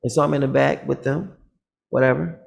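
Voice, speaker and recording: A man vlogging, telling a story casually in an animated, boastful and confrontational way, acting out the other people's lines. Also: medium pitch, a little fast, creaky.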